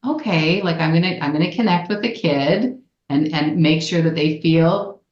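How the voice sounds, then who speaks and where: Low-voiced woman psychologist in an echoey room. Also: moderate pace. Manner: earnest, acts out gentle quoted dialogue to children. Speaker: psychologist and podcast co-host. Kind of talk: casual podcast conversation. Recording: echoey room, dull audio.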